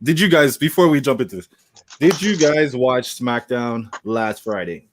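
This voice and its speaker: A man co-hosting a casual podcast, telling stories with lots of energy and loose profanity. His voice sits at an ordinary middle pitch. He talks like he's hanging out with friends. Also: normal speed, a little hiss or hum. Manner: animated storytelling with profanity. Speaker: podcast co-host. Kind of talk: casual chat.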